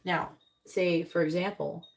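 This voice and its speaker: Woman tarot reader, low and gravelly, blunt and casual with comic asides. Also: fairly even intonation. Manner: blunt and swearing, acts out quick comic voices. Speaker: tarot reader on a live stream. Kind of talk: casual tarot reading, reading card meanings aloud.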